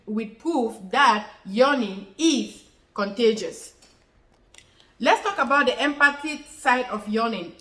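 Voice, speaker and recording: A woman's voice: on the high side, fairly bright tone, echoey room. A woman giving an unscripted explainer on a health topic, repeating her points and using many fillers. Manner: repetitive, circles back to points, many fillers. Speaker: health educator. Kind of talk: unscripted explainer talk to camera.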